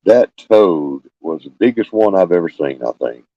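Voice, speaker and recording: An older man, chatting haltingly with many fillers while hosting a live stream from his phone. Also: deep voice, animated, no echo, dull audio. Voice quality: scratchy. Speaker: homestead channel host. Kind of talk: casual live stream chat. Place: small room with fans running.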